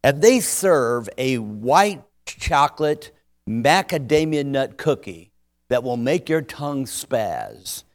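A man preaching as a visiting speaker, joking and poking fun at himself as he stumbles over his words and grows louder and livelier. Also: mid-range voice, slow. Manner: jokey, self-deprecating, stumbling over words; growing louder and more animated as he goes. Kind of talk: sermon with humorous asides.

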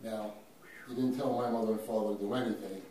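A man's voice: on the low side, fairly even intonation, quick pace, distant mic. A man from Brooklyn tells a story with punchy emphasis. His voice sits back from the mic in a very echoey room. A faint hiss of noise sits under it. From Brooklyn, New York. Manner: emphatic, punchy, builds to loud peaks. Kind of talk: animated storytelling.

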